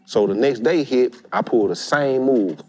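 A man's voice: medium pitch, moderate pace, slightly rough. Man telling a story. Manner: animated, acts out quoted voices. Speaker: guest storyteller. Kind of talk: casual storytelling.

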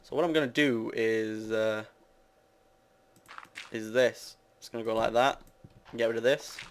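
A man's voice: fairly low pitch, fairly even intonation, unhurried, a little hiss or hum. A young British man giving casual, rambling commentary while playing a building game, joking with his viewers. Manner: rambling, self-mocking, chatty with viewers. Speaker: gamer. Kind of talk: casual Let's Play commentary.

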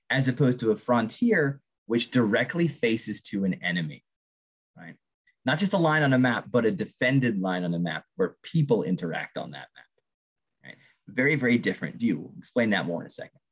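His medium-pitched voice has a breathy edge as he enthusiastically lectures a public audience on archaeology. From Vermont's Northeast Kingdom, he repeatedly checks in with "right?".

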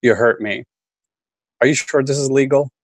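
A man's voice: medium pitch, normal speed, no room sound, low-quality recording. A man reading his own list poem aloud at a student reading, understated and dry. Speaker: MFA student reader.

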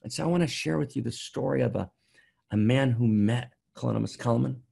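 A man's voice: medium pitch, fairly quick, creaky, mellow, slightly rough. A man giving a sermon as a spiritual teacher, telling a story emphatically and often checking in with the listeners. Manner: emphatic storytelling, keeps asking "right?".

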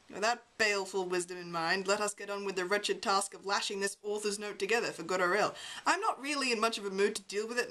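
A woman's voice: medium pitch, a bit bright, rough recording. A woman reading a memoir aloud as an amateur reader, with a wry, sardonic delivery.

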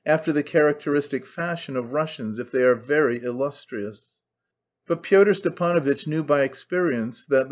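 Man narrating a classic novel, lo-fi. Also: on the high side. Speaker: audiobook narrator. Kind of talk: scripted narration. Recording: dull lo-fi recording.

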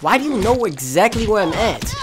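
A young man doing gaming commentary, frustrated and swearing as he yells at enemies. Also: sing-song, fairly quick, music in the background. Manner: frustrated, swearing, yelling at enemies, with wild swings in pitch. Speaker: gamer.

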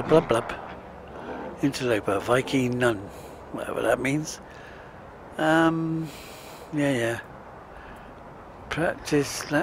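Casting: British man, unhurried gamer commentary, chuckly and self-muttering, faint game sounds behind. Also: medium pitch, background noise. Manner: chatty, chuckling, mutters to himself. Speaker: let's play gamer. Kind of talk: casual gameplay commentary.

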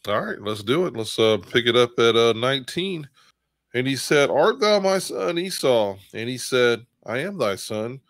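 A man's voice: medium pitch, normal speed, no echo. Guy chatting through a bible passage, acts out the lines, laughs a lot, dry recording. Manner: rambling, animated, acts out quotes with laughs. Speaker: co-host of a Bible study show. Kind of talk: casual Bible study discussion.

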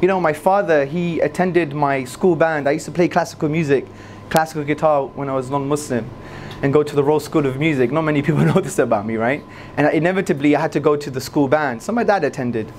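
A man giving an energetic religious lecture to a live audience, repeating key phrases for emphasis. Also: fast, slight background noise. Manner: swings between loud high emphasis and low asides. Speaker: Islamic lecturer.

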